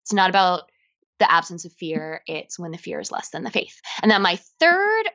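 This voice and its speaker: A woman from Los Angeles, a fitness instructor, chatting on a podcast in an upbeat, animated way. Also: lowish voice, moderate pace, highs cut off. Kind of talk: casual podcast chat.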